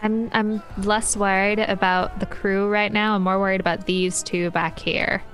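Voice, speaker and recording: A woman playing a tabletop game, quick and wry. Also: mid-range voice, level tone, fairly bright tone, soft background music. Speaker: player. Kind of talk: casual tabletop play.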